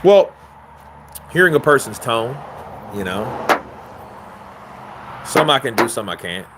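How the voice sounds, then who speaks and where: A man rambles through a casual chat with his viewers, cursing freely and slipping into quick voices for other people. His pitch sits mid-range but swings in a lively way from line to line. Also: heavy background noise. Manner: loose, profane, rambling street talk; answers viewer questions, acts out quotes with voice shifts. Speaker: boxing commentary host.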